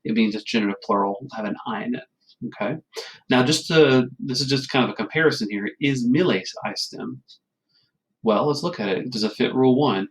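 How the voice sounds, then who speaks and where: A man's voice: mid-range voice, brisk, low-quality recording. A man teaching a recorded lesson, explaining grammar rules patiently and checking in with frequent questions. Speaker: Latin teacher. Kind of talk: recorded classroom lecture.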